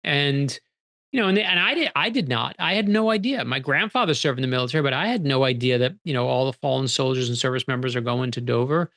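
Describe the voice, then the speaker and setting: A middle-aged man with a gravelly, slightly creaky voice, talking in an interview. He recounts his stories with energy, acting out the lines of the people in them as he goes. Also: mid-range voice, quick pace. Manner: animated storyteller acting out quoted dialogue. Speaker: author guest. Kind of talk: storytelling interview conversation.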